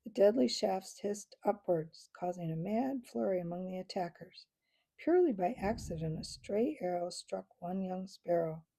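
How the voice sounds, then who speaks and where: A woman reading a children's book aloud, expressive and unhurried, with small slips here and there. Her voice is gravelly, husky and mellow. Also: mid-range voice. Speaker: storyteller.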